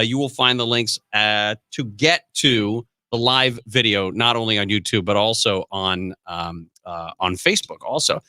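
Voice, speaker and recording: A male radio host in casual chat, rambling and halting with lots of fillers. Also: mid-range voice, bright, forceful tone, no room sound. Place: radio studio.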